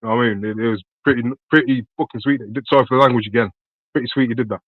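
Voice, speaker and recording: A man's voice: mid-range voice, steady tone, very fast, no room sound. A British man calling into a show, casual and slangy, swearing freely and hesitating with many ums. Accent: British English. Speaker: caller. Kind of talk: casual call-in chat. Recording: lo-fi call line.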